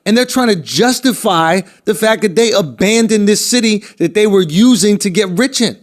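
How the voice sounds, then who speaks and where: A high-pitched man, fired up and cursing as he rants. He talks with an animated edge on a comedy podcast. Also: moderate pace. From New York. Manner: animated, profane, riled up. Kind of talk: heated comedic rant.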